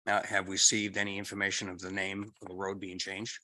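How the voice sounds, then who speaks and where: Man chairing town board meeting, low bright voice, halting with fillers. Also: completely flat delivery, poor audio.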